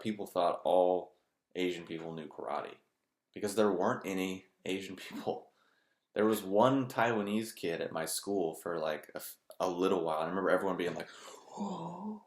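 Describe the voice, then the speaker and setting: A man with a very deep voice speaks bluntly and profanely, with a sarcastic edge. He talks as if to the camera in a candid personal monologue. The sound has a roomy echo. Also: fairly quick. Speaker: vlogger.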